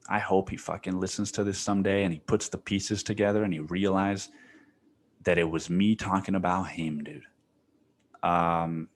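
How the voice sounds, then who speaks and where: A young man with a very deep, low-pitched voice talks alone into his podcast mic. He vents in a profane, restless way, leaning on "dude" every few words. His tonsils are swollen, so his throat is sore. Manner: profane venting, heavy on "dude". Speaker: podcast host. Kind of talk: solo podcast monologue.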